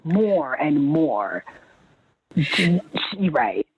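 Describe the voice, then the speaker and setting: A woman in her thirties, originally from Jamaica, chatting as an interview guest. Her voice is husky and sits slightly low, and the sound is thin and phone-like, dry with no room. She tells her stories casually and grows animated when quoting family. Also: drawn-out words, no room sound. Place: home in rural Japan. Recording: tinny phone-like line.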